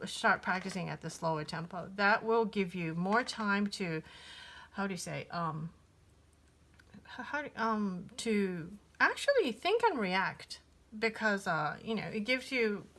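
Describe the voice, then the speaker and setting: Bright-voiced woman teaching piano. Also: mid-range voice. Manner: thinking aloud, many fillers and restarts. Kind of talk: casual piano lesson.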